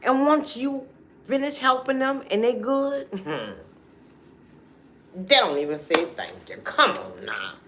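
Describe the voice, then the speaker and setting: Woman, livestream host, unhurried, lively pitch, casual chat. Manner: chatty, animated, talks straight to viewers.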